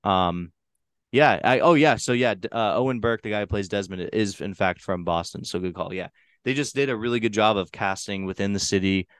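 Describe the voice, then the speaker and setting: Man, New Hampshire accent, podcast host, rambling casual chat, fairly low voice, dry close sound. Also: brisk, fairly bright tone, smooth, no echo. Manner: loose, rambling, swears casually. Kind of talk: casual movie review chat.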